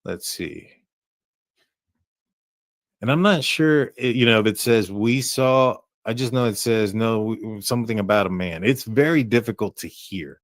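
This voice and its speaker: A man's voice: fairly low pitch, dry recording, clean studio sound. A man casually talking through a crime case recording, rambling and restarting his sentences often. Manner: rambling, halting with many restarts. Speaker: true crime commentator. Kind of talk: casual commentary on a call recording.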